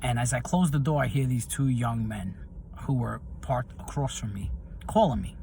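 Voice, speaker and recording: A man's voice: medium pitch, moderate pace, gravelly, a little hiss or hum. A middle-aged man telling personal stories in a casual monologue to camera, getting heated as he recounts what angered him. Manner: storytelling, animated when recounting anger. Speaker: video host.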